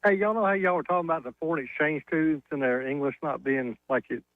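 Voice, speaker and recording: A man with a Southern accent calls in to a radio show, chatty and folksy, laughing at his own jokes. His voice sits a little high. The sound is dry and close. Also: quick pace, no echo, narrow, tinny audio. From Alabama. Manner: folksy, chatty storyteller who laughs at himself. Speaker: caller, flooring business owner. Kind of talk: casual radio call-in chat.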